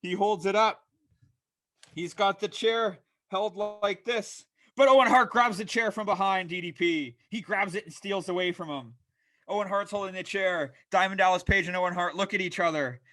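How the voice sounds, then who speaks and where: A man hosting a fantasy wrestling show, narrating the matches play-by-play with energy that rises to shouts at big moments. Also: high voice, steady tone, normal speed.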